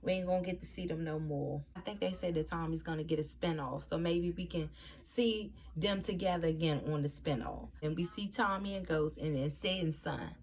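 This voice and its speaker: A woman talks through a TV episode in a relaxed, conversational way. Her voice sits on the lower side, and she jumps up in pitch to act out what the characters said. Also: moderate pace, husky. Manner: animated, acts out quoted lines in a raised voice. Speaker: TV episode reviewer. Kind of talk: casual recap of a TV episode.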